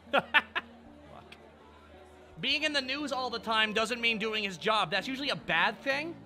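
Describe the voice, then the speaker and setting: A male streamer rants and chats with his viewers, sardonic and full of swearing. His voice sits fairly high and swings widely in pitch, with a very bright, forceful edge. Faint music runs underneath. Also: animated, takes it slowly, pauses often. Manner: sardonic, profane, ranting. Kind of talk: casual live-stream chat.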